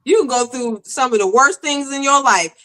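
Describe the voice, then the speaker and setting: A woman's voice: high-pitched, normal speed, pushed and bright, low-quality recording. A woman guest sharing a personal story in an earnest, emphatic, conversational way.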